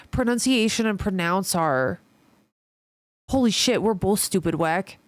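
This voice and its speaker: A woman's voice: medium pitch, lively intonation, a little slow, pauses often, no echo. Chatty Midwestern woman streamer. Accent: Midwestern American. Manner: chatty, reads viewer messages aloud and swears casually. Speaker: livestreamer. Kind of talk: casual chat with viewers.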